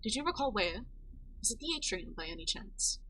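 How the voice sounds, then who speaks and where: A woman reading as a calm, probing male doctor. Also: a little high, a little hiss or hum, pitched above the performer's own voice, rough recording. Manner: measured, probing questions. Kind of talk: reading game dialogue aloud.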